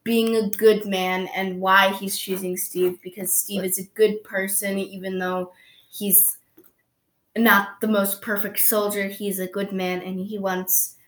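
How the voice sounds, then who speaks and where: A woman's voice: medium pitch, flat delivery, a little slow, fairly bright tone, roomy sound. A woman recapping a movie in casual chat, playful and teasing, repeating running jokes.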